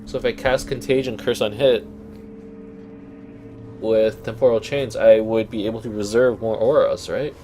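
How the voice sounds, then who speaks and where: A man's voice: fairly low pitch, steady tone, moderate pace, long pauses, mellow, slight background noise. A young Canadian man with a Canadian accent, chatting casually while playing a game and thinking aloud. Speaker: let's play host. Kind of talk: casual gameplay commentary.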